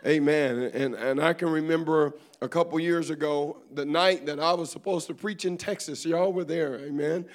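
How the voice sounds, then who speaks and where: A man's voice: fairly even intonation, normal speed, hardly any pauses. A man preaching a sermon as bishop to a congregation, with call-and-response, "amen" after nearly every line, folksy humor and storytelling, and rising fervor. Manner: builds to loud, higher-pitched fervor. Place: church service before a congregation.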